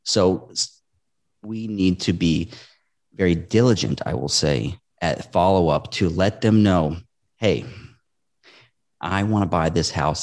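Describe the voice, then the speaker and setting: A man talking casually on a podcast as a real estate investor guest, telling stories earnestly and acting out the quotes. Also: fairly low pitch. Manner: earnest, animated storytelling with acted-out quotes.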